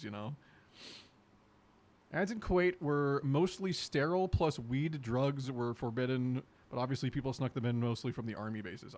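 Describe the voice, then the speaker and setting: Laid-back young male streamer. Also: medium pitch. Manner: laid-back, excitable, laughs easily. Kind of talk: casual live-stream chat.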